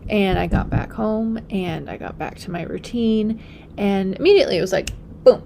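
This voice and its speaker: A young pregnant woman hosting a casual solo podcast. She talks in a chatty way and often drops to a soft, breathy near-whisper. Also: mid-range voice, normal speed, slight background noise. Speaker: podcast host and functional practitioner.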